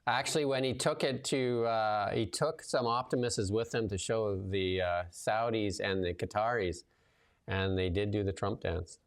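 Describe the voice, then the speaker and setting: Gravelly low-voiced man chatting casually. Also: normal speed. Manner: loose and chatty, many fillers, lively storytelling. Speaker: show host and commentator. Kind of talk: casual livestream chat.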